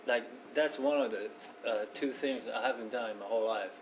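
A man's voice: medium pitch, brisk, a little hiss or hum, rough recording. A man chatting casually as a podcast guest, laid-back and easy to laugh. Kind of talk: casual chat.

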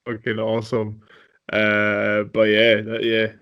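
A man co-hosting a podcast in casual chat, a bit drunk, excitable, swearing freely and laughing often. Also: lowish voice, takes it slowly, clear, resonant tone, lo-fi sound. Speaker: podcast co-host.

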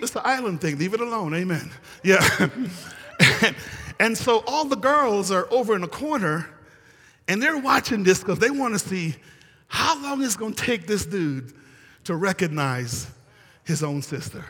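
A man's voice: high voice, sing-song, measured pace, sharp tone, slightly rough, long reverb tail. A male pastor preaching a sermon, telling a story and calling out to the congregation.

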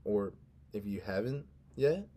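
A man's voice: on the low side, lively intonation, a little slow, dark tone. A young man hosting a casual solo podcast, talking in an earnest, rambling way and cutting himself off, sounding drowsy. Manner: rambling, earnest, self-interrupting. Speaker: podcast host.

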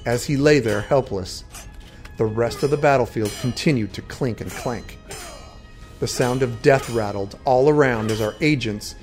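A man narrating a first-person fantasy adventure story in a dramatic, steady way. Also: mid-range voice. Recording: faint background music.

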